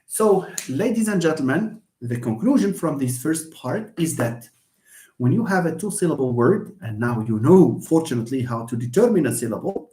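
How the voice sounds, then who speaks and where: A man's voice: a little high, animated, normal speed, dark tone. Man teaching English online. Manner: explains patiently, repeats examples, answers students by name. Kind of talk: live online lesson. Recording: echoey room.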